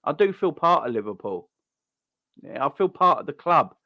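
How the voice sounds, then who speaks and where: A man's voice: fairly high pitch, big pitch swings, normal speed, dry recording, highs cut off. A man in his forties from South London, with a South London accent, hosting a football fan channel and delivering an angry, sweary rant with frequent repeats and restarts. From South London, England. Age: 40s. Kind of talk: heated fan rant to camera.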